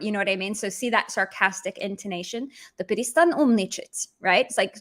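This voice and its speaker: A woman's voice: mid-range voice, moderate pace, hardly any pauses, fairly bright tone. A woman teaching an online language lesson, talking in a chatty way and acting out sarcastic examples.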